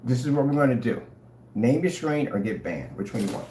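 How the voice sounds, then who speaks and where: A man's voice: medium pitch, expressive, fairly quick, warm tone. A man hosting a livestream, ranting at his chat in a sarcastic, taunting way and daring viewers to answer. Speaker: livestream host selling projector screen paint. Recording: roomy room echo, faint hum.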